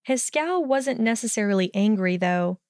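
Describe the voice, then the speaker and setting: A woman narrating a story in a steady, measured reading voice. Her tone is smooth and clear, and the recording is dry with no room echo. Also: medium pitch.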